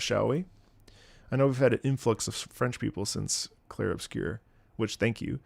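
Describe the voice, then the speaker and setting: Gravelly young man rambling on stream. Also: medium pitch, moderate pace, a little mellow, dry recording. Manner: rambling, laughing, swearing freely. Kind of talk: casual live-stream chat.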